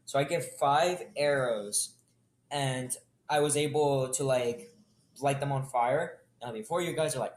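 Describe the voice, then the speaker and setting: A young man improvising a story casually, rambling with quick jokes and asides. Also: mid-range voice. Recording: roomy echo.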